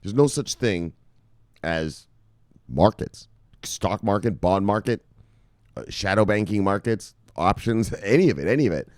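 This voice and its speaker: A man presenting crypto news in casual, profane commentary, rambling and swinging from loud outbursts to muttered asides. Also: fairly low pitch, lively intonation, unhurried, dry recording, clean studio sound.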